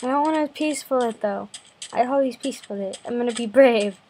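A woman's voice: fairly high pitch, fairly quick, mellow, slight background noise, rough recording. A young woman with a slight cough from a cold, chatting in a self-deprecating, jumpy way over her gameplay in her bedroom. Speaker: gaming video host. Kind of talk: casual gameplay commentary. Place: bedroom at home.

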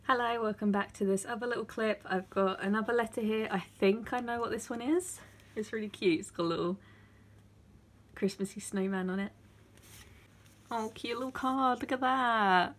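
In a casual unboxing video, a woman vlogger opens her mail with an excitable, gushing manner, often gasping and squealing. Her voice is a little high and her pace moderate.

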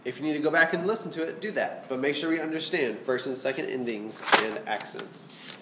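Man, flute teacher, patient, explanatory, slightly high voice, roomy echo. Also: brisk, very noisy. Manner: patient, explanatory, checks in with "okay?". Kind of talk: music lesson instruction.

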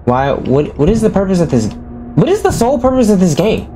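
Jumpy man reacting loudly to a horror game. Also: high-pitched, sing-song, fairly quick, a little hiss or hum. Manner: jumpy, exclaiming, chatty slang. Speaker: gaming YouTuber. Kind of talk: horror gameplay commentary.

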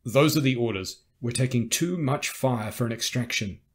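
A man voicing a weary middle-aged rebel captain, gruff and resigned but commanding, in an audiobook. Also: medium pitch, normal speed, lightly acted.

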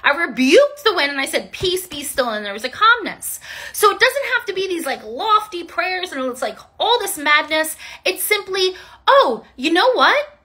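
A woman's voice: extremely high pitch, very animated, moderate pace, pushed and bright. A young woman giving an informal devotional teaching, emphatic and repeating her declarations again and again. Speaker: Christian teacher.

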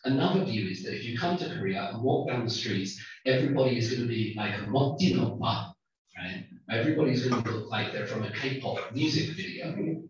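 A man's voice: medium pitch, animated, fairly quick. A man giving a public lecture in a hall, in a chatty, humorous way, sprinkling in Korean phrases. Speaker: guest lecturer. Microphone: microphone, far from the recorder. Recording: echoey distant dull hall recording.

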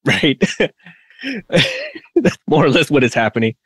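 A man's voice: fairly high pitch, wildly swooping pitch, slow pace, fairly bright tone, husky, no room sound. Giggly man chatting on a podcast, dry sound. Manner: laughs often, rambling with restarts. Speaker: podcast co-host. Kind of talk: casual podcast chat.

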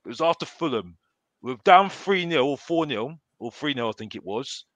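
A man's voice: mid-range voice, expressive, normal speed, fairly bright tone, dry recording. A man chatting casually as a fan panelist, rambling with many restarts and repeated phrases.

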